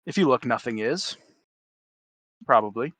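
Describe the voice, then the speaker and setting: Male game master, close dry mic, mid pitch, descriptive narration. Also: unhurried, fairly bright tone, no echo. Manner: descriptive, laughs often.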